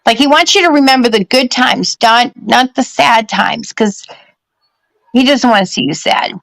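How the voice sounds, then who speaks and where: A woman's voice: on the high side, moderate pace, gravelly, a bit bright, dry recording, rough recording. A woman doing psychic readings on a live stream in a chatty, laughing way, at home. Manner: chatty, laughing, talks to her pets. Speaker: psychic medium. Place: home during a power outage.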